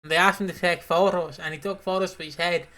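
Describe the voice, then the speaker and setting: A man's voice: high voice, steady tone, fast, bright, forceful tone. A man co-hosting a podcast, rambling and restarting as he retells scenes in casual chat. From Britain. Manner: rambling, restarts, laughs at his own retellings. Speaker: podcast co-host.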